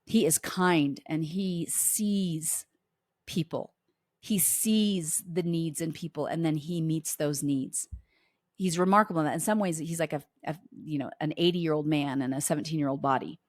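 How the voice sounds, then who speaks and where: A middle-aged woman with a low voice hosts a homeschooling podcast, chatting casually and telling family stories while acting out the dialogue. She speaks at a moderate pace, and the studio recording is dry and clean.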